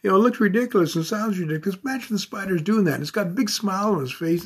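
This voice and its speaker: Husky-voiced man giving a motivational talk. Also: high-pitched, very fast, hardly any pauses. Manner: earnest, repetitive, affirming, builds up with emphasis. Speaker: motivational speaker.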